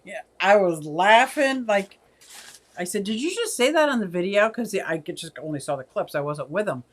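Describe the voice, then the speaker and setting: A woman's voice: mid-range voice, big pitch swings, normal speed. A woman in her sixties hosting a casual livestream, chatty, laughing often and reading viewer comments aloud. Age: 60s. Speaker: aquarium channel host.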